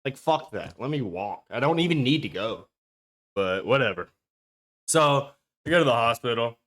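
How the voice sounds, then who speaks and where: A man's voice: mid-range voice, animated, normal speed, fairly bright tone. A man streaming from a home setup, chatting casually and profanely with his viewers in a rambling way. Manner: profane, rambling, talks straight to chat.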